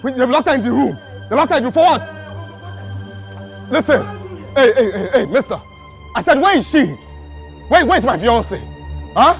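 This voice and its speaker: A man's voice: very high voice, expressive, moderate pace, long pauses, soft background music. An actor playing an angry young man looking for his pregnant fiancée, who repeats himself in exasperated, mocking bursts. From Nigeria. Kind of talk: Nollywood film acting.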